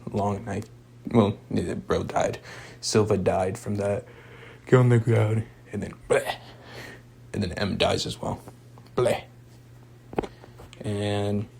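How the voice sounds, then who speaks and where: A man's voice: fairly low pitch, gravelly, a little hiss or hum. A young man casually recapping a movie in a rambling, laid-back way, full of fillers like "like" and "um". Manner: laid-back, chuckles now and then. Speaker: movie reviewer. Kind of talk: casual spoken movie review.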